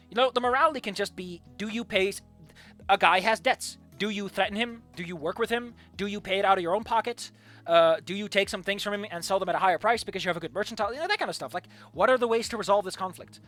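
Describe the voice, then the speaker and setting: Opinionated game streamer, casual commentary, lively swooping pitch, faint game music behind. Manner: opinionated, ranting, restarts mid-thought.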